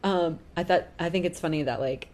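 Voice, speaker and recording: A woman's voice: on the low side, a little fast. A woman co-hosting a podcast, chatting casually and pointing out small details she noticed. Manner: animated, detail-focused asides. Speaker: podcast co-host. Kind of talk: casual recap chat.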